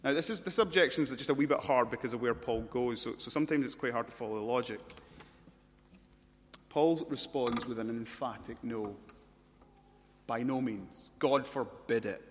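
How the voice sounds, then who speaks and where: A male preacher gives an expository sermon in a church, driving points home with rhetorical questions and repeated phrases. His voice sits at a middle pitch, and a long reverb trails each phrase through the hall. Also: fairly quick. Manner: rhetorical questions, emphatic repetition.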